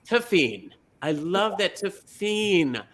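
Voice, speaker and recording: A man's voice: high-pitched, big pitch swings, slow, fairly bright tone, heavily acted. A man playing a chatty middle-aged small-town lady who hosts a comedy bingo show, gushing and rambling, tripping over names, on a video call. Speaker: host. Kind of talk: comedic drag character hosting.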